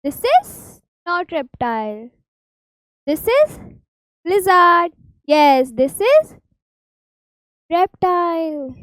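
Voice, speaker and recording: A woman with an Indian English accent teaching reptiles to small children, slowly naming each animal in a sing-song way. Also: very high-pitched, very animated, no room sound, poor audio. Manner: slow, sing-song, stretches key words. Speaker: preschool teacher.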